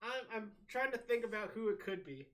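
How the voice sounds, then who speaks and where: Woman streamer chatting through a game, easygoing, reads chat out, mid pitch. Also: lively intonation, brisk, fairly bright tone. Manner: chatty, reacts to chat, amused. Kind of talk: casual gameplay commentary.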